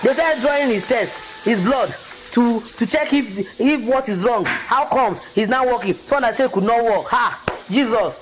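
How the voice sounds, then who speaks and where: A woman with a Nigerian accent giving a fervent church testimony, breaking into high exclamations. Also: moderate pace, background noise. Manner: fervent, exclamatory, with sudden high emotional cries. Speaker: testimony giver.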